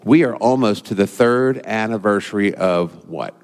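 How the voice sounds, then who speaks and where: A man's voice: fairly low pitch, moderate pace. Male pastor, sermon, folksy conversational storytelling, reverberant church sanctuary.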